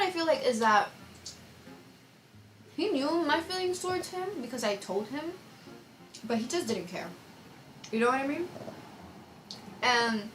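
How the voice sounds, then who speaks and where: A young woman with a slight Spanish accent, telling a personal story in a casual, animated vlog chat. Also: a little high, a little hiss or hum, low-quality recording. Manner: chatty, animated, quoting others in raised voice. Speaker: vlogger.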